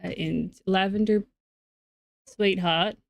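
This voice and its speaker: A woman's voice: mid-range voice, steady tone, slow pace, creaky. A woman streaming a game live, chatting casually with her viewers and talking to her pet in asides.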